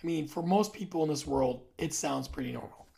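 A vlogger with a heavily creaky, gravelly voice chats to the camera in a loose, wandering monologue. They are in their forties, trail off mid-thought and circle back to fix what they said. The pitch sits in a middle register. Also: fairly quick, warm tone, a little hiss or hum. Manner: rambling, loose, trails off and corrects himself. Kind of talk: casual rambling monologue to camera.

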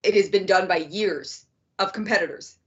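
A woman's voice: medium pitch, moderate pace, fairly bright tone, dull audio. A woman co-hosting a podcast who competes in physique shows, talking in a blunt, profane, emphatic way. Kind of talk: casual podcast chat.

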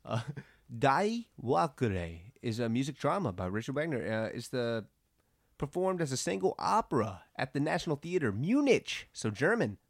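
Animated young man, lively slangy chat. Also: mid-range voice, normal speed, no room sound, studio quality. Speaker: podcast co-host recapping an anime episode. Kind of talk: casual chat.

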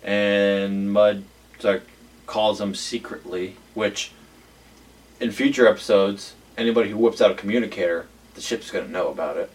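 A man's voice: fairly low pitch, moderate pace, far from the mic, poor audio. A man co-hosting a podcast, chatting casually about a TV episode in a rambling, filler-heavy way and acting out quotes. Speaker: podcast co-host. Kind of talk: casual chat recapping a TV episode. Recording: voice a bit off-mic.

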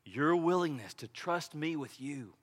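A man preaching a sermon, dramatic, swinging between loud and hushed as he acts out the people in the story. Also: fairly high pitch, expressive, a little slow. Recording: echoey hall reverb.

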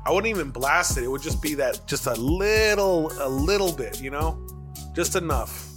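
A man's voice: fairly high pitch, lively intonation, normal speed, over music. A man co-hosting a podcast, chatting in an easygoing, slangy way. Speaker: podcast co-host. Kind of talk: casual chat.

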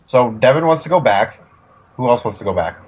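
A man's voice: medium pitch, lively intonation, a little fast, a little hiss or hum. A man playing a tabletop game, casual and bantering. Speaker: player.

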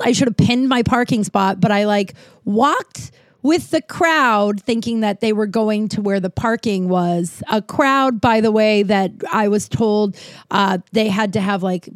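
A woman's voice: mid-range voice, dry recording. Rambling, swearing woman telling a story. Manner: rambling, swears freely, many "like"s. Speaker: vlogger. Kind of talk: casual storytelling to camera.

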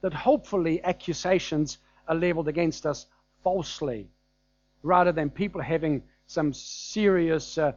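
A man's voice: fairly high pitch, moderate pace, darkish tone, no room sound, dull audio. A man with a German accent preaching a sermon in a conversational, anecdotal way, with frequent fillers and chuckles.

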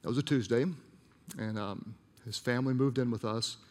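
A man's voice: medium pitch, fairly even intonation, normal speed, darkish tone. A middle-aged male pastor preaching, telling a personal story with emotion and asides to the congregation. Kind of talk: storytelling sermon. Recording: long hall reverb.

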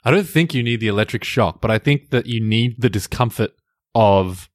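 A man with a lowish voice co-hosts a podcast in easy, casual chat. He jokes and teases his co-host and laughs often. The sound is dry and close, with no room echo. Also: moderate pace. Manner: jokey, laughs often, playful teasing.

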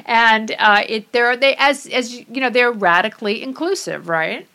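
Bright, lively woman podcast co-host, quick casual chat. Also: fairly high pitch. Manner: animated, quick asides, laughs often.

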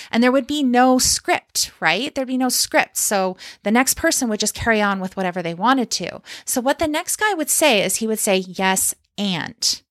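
On her solo podcast, a life coach who lives in Canada addresses listeners head-on with encouragement, frequently adding "okay?" and "right?" She has a fairly high, fairly bright voice, recorded at studio quality without echo.

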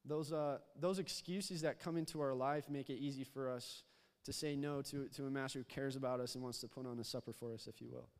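A man's voice: medium pitch, fairly even intonation, a little fast, hardly any pauses. A young man preaching a casual sermon as a youth pastor in a church, often repeating words and prompting the congregation to answer back. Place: church sanctuary. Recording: long hall reverb.

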